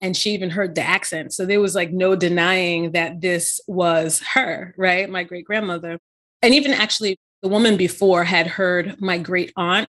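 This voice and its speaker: A woman's voice: fairly low pitch, steady tone, normal speed, fairly bright tone. A middle-aged woman telling a personal story in casual conversation, full of "you know" and "right?" asides. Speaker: podcast co-host.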